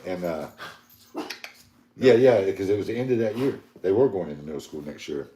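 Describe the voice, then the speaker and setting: Low-voiced man telling a rambling story. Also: lively intonation, normal speed, dark tone. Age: middle-aged. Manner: rambling, profane, retells dialogue with many "I said". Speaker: podcast co-host. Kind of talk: casual storytelling chat. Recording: echoey room.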